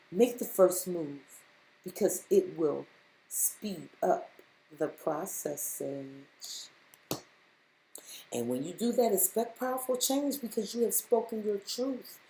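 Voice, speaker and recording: A woman's voice: fairly low pitch, warm tone. A woman giving a spiritual tarot reading, speaking straight to the listener and repeating her points with emphasis. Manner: repetitive, emphatic, addresses listener directly. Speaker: tarot reader. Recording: roomy echo.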